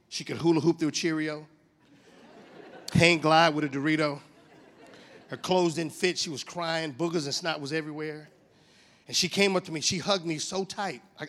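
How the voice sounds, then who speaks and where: Animated high-voiced male church speaker. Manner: animated storytelling with comic voices. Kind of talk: comic sermon.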